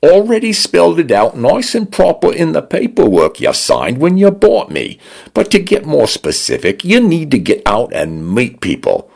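A man's voice: fairly high pitch, huge pitch swings, moderate pace, creaky, voice pushed up, full character voice. A man doing a chirpy Cockney smart-home AI. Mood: cheery, bossy. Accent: Cockney-leaning British. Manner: bright, friendly, lecturing. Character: meddling male British smart-home AI, chirpy and bossy.

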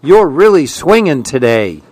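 A man's voice: on the high side, sing-song, unhurried, a little mellow, no echo, clean studio sound. Man voicing Napoleon, an eager little chameleon. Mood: friendly. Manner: eager, attention-seeking calls. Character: small friendly show-off male chameleon.

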